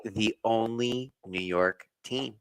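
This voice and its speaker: A man's voice: fairly low pitch, slow, clear, resonant tone, no room sound, poor audio. A man chatting as a guest on a casual podcast over a remote call, joking sardonically and swearing freely. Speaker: podcast guest, political activist.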